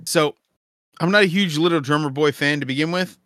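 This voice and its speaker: Blunt, profane man with a bright voice. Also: on the high side, brisk, dry recording. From Brooklyn. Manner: blunt, profane, laughs at his own jokes. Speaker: podcast co-host. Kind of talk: casual chat.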